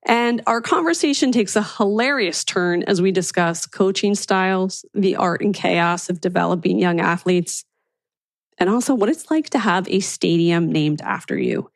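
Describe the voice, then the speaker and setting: A woman's voice: medium pitch, moderate pace, vocal fry, no room sound. A woman hosting a podcast, reading an enthusiastic scripted intro and then interviewing a guest. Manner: enthusiastic, upbeat. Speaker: podcast host.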